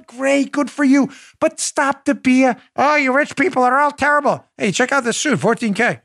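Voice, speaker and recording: Sarcastic, high-voiced male political host. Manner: sarcastic, animated, talks to the audience directly. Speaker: talk show host. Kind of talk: political commentary.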